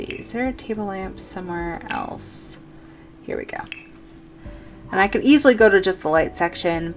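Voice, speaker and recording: Casual woman creator, mid-pitched, thinks aloud while building and corrects herself often, with light music under her voice. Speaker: gaming video creator.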